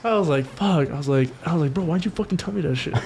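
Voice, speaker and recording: A young man co-hosting a podcast spins rambling, profane stories in casual conversation, imitating the people in them. His voice is fairly high and fast, with a noisy background.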